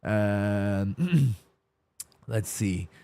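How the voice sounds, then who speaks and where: On a dry recording, a football livestream host with a New York accent speaks very slowly in a low-leaning, expressive, dark-toned voice. He's tired, rambling casually as he replies to chat, often restarting and correcting himself.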